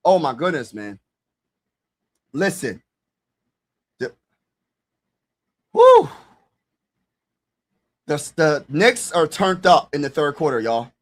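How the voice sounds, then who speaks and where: A man with a high voice calls a basketball game play by play on a live stream. He talks loose and slangy, urging his viewers along and breaking into excited shouts when a big play lands. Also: measured pace, pauses often. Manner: casual slangy talk. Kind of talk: live play-by-play commentary with reactions.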